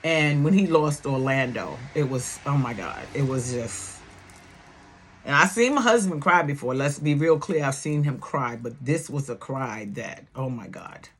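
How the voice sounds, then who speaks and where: A middle-aged woman talks straight to her viewers in a casual vlog. She is loud and blunt and swears freely. Grief over a loss shows at times in her voice. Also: a bass voice, expressive, a little slow, slight background noise. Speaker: YouTube reality-TV commentator.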